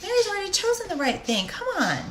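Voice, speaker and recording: Woman doing a high, casual Jesus. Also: wildly swooping pitch, fast, fairly bright tone, exaggerated voice. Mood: exasperated. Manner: casual and pleading. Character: exasperated but gentle male Jesus. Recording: roomy echo.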